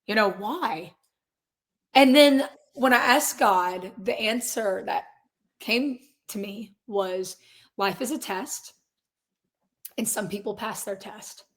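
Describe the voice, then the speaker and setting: A woman's voice: medium pitch, slow, long pauses, a bit bright. A woman in her twenties, a guest in a casual interview, talking earnestly and rambling through restarts and quoted asides. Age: 20s. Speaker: guest, singer and real estate agent.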